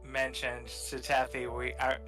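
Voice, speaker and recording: A man's voice: medium pitch, completely flat delivery, measured pace, a bit bright, soft background music, poor audio. A man playing in a tabletop game, talking hesitantly and searching for words. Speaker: player.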